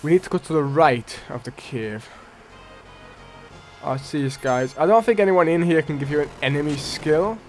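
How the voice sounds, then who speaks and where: A man's voice: fairly high pitch, normal speed. A man hosting a let's play, giving casual, rambling gameplay commentary that often corrects itself. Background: faint game music.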